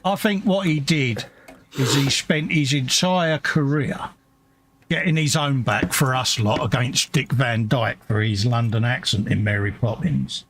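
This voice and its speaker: A man with a mid-range voice, relaxed and easygoing on a live stream. He reads out viewer comments and adds dry jokes between his co-host's rants. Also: medium pitch, a little slow, a little hiss or hum. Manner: laid-back, reads out chat comments. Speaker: co-host. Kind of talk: casual live-stream chat.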